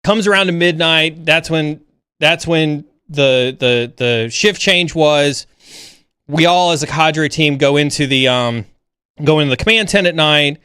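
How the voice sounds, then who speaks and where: A man hosting a livestream, casually telling a story in an animated way with many halting restarts. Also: clean tone, dry recording, studio quality. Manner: animated, rising pitch when excited. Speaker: livestream host.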